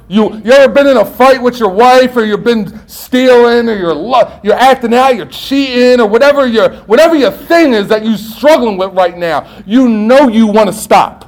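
A man's voice: very high voice, moderate pace, hardly any pauses, poor audio. A man giving a personal share at a recovery meeting, streetwise and profane, telling his story with lots of "right?" and acting out the voices in his head. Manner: animated storytelling that acts out inner voices. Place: meeting room with listeners.

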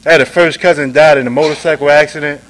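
This man is telling his recovery story at a meeting, chatting fast with fairly even intonation and sprinkling in "man," "right?" and "you dig?" His volume shifts from quiet and low to loud and forceful, captured on a rough recording.

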